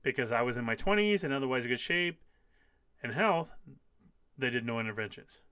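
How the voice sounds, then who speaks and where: Studio-quality and dry, the clip features a man in his fifties speaking fairly quickly at medium pitch, animated, pushed and bright, with a clear, resonant tone. On a casual live stream he reads out viewer comments and answers them with emphasis, repeating key phrases often.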